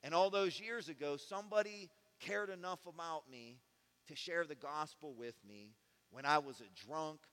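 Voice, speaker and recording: A man preaching a sermon in a casual, conversational way that swings from soft asides to loud, fervent passages. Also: a little high, moderate pace, big-room sound. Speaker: pastor.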